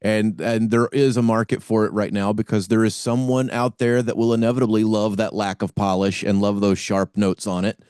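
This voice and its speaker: A man's voice: lowish voice, level tone, normal speed, few pauses, a little mellow, smooth, no echo, clean studio sound. A man hosting a podcast interview, enthusiastic and often restarting his sentences. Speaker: podcast host.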